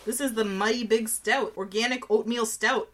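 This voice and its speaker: A woman's voice: a little high, steady tone, normal speed, a bit bright. A young woman co-hosting a podcast, tasting beers and reading labels aloud with blunt, sarcastic remarks and lots of swearing. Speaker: podcast co-host. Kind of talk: casual chat, beer tasting.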